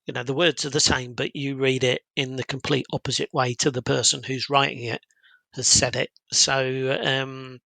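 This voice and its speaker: A man's voice: mid-range voice, level tone, normal speed, creaky, bright, forceful tone, no echo, rough recording. A man in a casual podcast conversation, upbeat and chatty, with many fillers.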